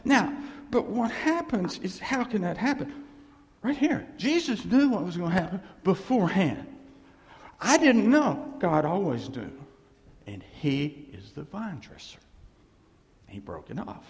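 A man preaching a sermon in a church, animated and laughing, acting out voices as he tells stories. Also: sits high, unhurried. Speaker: pastor. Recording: echoey hall reverb.

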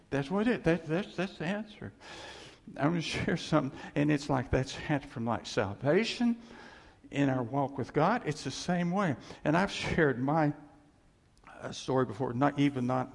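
A man's voice: medium pitch, vocal fry, in a large hall. A man preaching a sermon in an earnest, conversational way, often repeating phrases for emphasis.

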